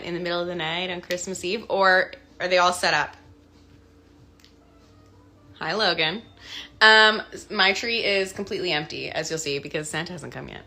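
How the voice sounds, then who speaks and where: Bright, chatty Canadian woman. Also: medium pitch. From Canada, part childhood in Scotland. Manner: chatty, bubbly, thinking aloud while signing. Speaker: voice actor signing autographs on a livestream. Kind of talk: casual livestream chat.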